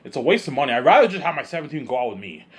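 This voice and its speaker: A man with a husky voice rambles through a solo monologue, daydreaming aloud. He talks quickly, restarting sentences and repeating himself, with lively swings in pitch. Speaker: vlogger.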